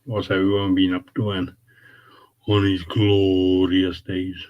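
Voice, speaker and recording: Deep-voiced and level, a livestream host talks slowly in a recording with the highs cut off. His live chat with viewers is casual and laid-back, full of swearing and calls of mate and bud.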